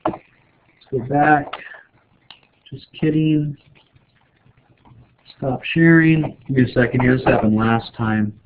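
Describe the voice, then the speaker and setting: A man's voice: medium pitch, takes it slowly, long pauses, a little hiss or hum. Rambling, joking male chemistry teacher. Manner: rambling, joking, full of "like" fillers. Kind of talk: casual classroom lecture. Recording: echoey room over a tinny, phone-like line.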